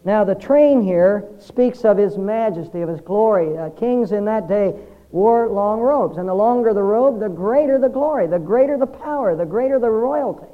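A man's voice: sits high, moderate pace. Earnest preacher guy going verse by verse, muffled lo-fi sound. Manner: earnest, explanatory, builds emphasis with repetition. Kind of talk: sermon. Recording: dull lo-fi sermon recording.

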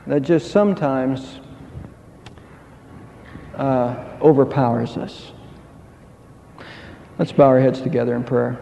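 A man's voice: on the high side, steady tone, unhurried, creaky, long pauses, dark tone. A man preaching a sermon as pastor, emphatic, with his voice rising on key phrases. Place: church sanctuary. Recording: dull sound with long hall reverb.

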